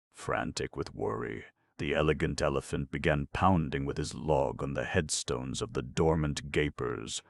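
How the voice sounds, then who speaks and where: A man narrating a children's fantasy audiobook in a steady storytelling manner. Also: rumbling low, gravelly, dry recording. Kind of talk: scripted narration.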